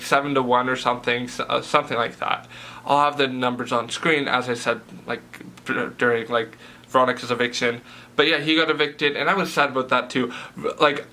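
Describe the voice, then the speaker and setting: A man's voice: medium pitch, sharp tone. A young man giving a casual, rambling rant about a reality TV show, filling his talk with "like" and "um". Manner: rambling, heavy use of "like" and fillers. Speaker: reality TV vlogger.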